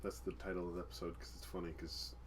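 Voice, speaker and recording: A man's voice: deep voice, level tone, quick pace, slight background noise. A man co-hosting a casual podcast chat, joking and laughing often, sometimes trailing off. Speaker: podcast co-host.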